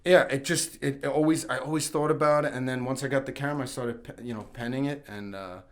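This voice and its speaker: A man's voice: mid-range voice, steady tone, fast. A man from New York City, a guest on a podcast, telling rambling stories full of restarts and laughing as he acts out quotes. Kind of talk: casual chat.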